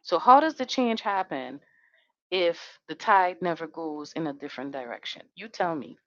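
A woman's voice: sits low, expressive, normal speed, fairly bright tone. A woman hosting a podcast, delivering an impassioned monologue that is angry, profane and full of rhetorical questions. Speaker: podcast host. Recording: dull dry lo-fi recording.

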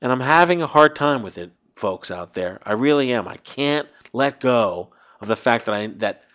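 Male podcast host, mid-pitched, loose rambling delivery, slightly muffled recording. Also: animated, moderate pace, fairly bright tone. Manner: rambling, self-interrupting, laughs often. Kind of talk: casual chat. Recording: slightly dull lo-fi sound.

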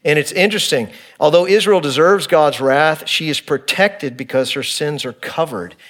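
Earnest preaching man, higher voice. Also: moderate pace. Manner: earnest preaching, shifting between emphatic and quiet, hushed delivery. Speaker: pastor. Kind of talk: expository sermon.

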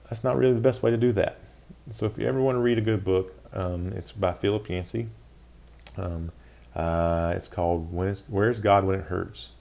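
A man's voice: lowish voice, creaky, mellow. A man hosting a solo podcast, talking through ideas in a reflective, self-questioning way with frequent fillers. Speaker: podcast host. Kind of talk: casual solo podcast talk.

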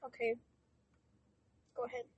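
A woman's voice: a little slow, dry recording, lo-fi sound. A young woman co-hosting a podcast, telling a story in rambling casual chat with lots of fillers. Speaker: podcast co-host.

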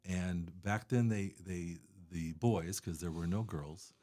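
A man's voice: deep voice, takes it slowly, warm tone. A man talking casually as a guest about charity work, rambling with many fillers and restarts. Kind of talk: casual conversation.

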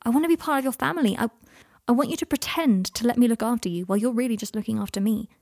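A woman voicing a tender, earnest young man in love, pleading softly. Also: fairly high pitch, rapid-fire, dry recording, clean studio sound.

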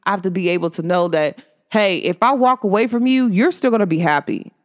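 A woman hosts her own podcast in a loose, chatty way. She tells stories with animated energy and scatters "like" through her speech. Her voice sits at an ordinary middle pitch. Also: fairly quick. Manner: animated storytelling, filler-heavy with frequent "like". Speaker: podcast host. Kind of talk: casual spiritual chat.

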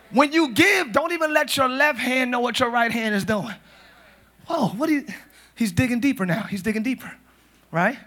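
A middle-aged male pastor preaching to a live congregation in a church, playful and joking, often shouting. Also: very high-pitched, normal speed, long pauses. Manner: playful, shouting, mimics churchy prayer voices. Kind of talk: comedic sermon to a live congregation. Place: church sanctuary.

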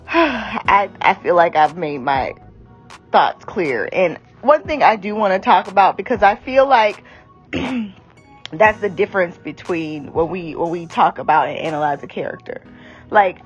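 A woman giving a candid, casual commentary on a reality show, blunt and rambling with lots of fillers. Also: mid-range voice. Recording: dull lo-fi audio with faint music.

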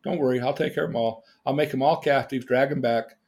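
A man's voice: medium pitch, steady tone, fast, a little mellow, natural voice. A man voicing a boastful, scheming male devil who brags about taking control, in a spoken religious retelling. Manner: brash, bragging.

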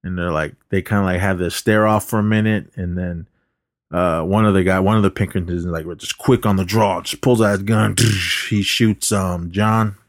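A low-voiced man co-hosts a podcast, loosely retelling a movie scene in a casual recap full of "uh"s and acted-out quotes. His intonation stays fairly even and his pace moderate. The studio sound is clean, with no echo.

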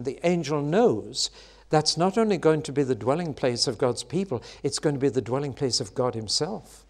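A man preaching a sermon, expressive, building to loud, high exclamations and dropping back to soft, quiet lines.

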